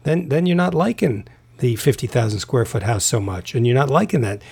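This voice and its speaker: A man's voice: mid-range voice, animated, fairly quick, gravelly, darkish tone, slightly rough. A man, a Taoist author, talking as a podcast guest in a rambling way, restarting and repeating words. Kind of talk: casual conversation.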